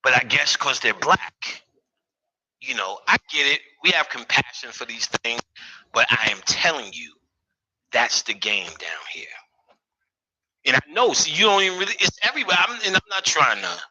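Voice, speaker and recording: Man, live lecture, swearing, streetwise, animated pitch, sharp bright tone. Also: rough recording. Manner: profane, streetwise, joking asides.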